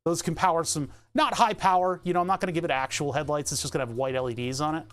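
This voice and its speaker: A man's voice: on the high side, steady tone, fast talker, fairly bright tone, clean tone. Nasal American man chatting on stream. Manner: rambling, chatty, laughs often. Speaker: livestreamer. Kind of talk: casual live-stream chat while working.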